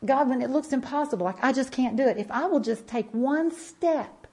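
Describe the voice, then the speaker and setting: A fifties-aged woman tells her story in a heartfelt church testimony, emphatic and prone to repeating phrases. Her voice sits high, a little mellow, at a moderate pace.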